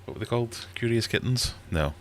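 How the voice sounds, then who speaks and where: Broadcasting from the cozy little fish room in his house, this middle-aged livestream host rambles along in a self-deprecating, casual chat. He has an expressive mid-range voice and speaks a little fast over slight background noise.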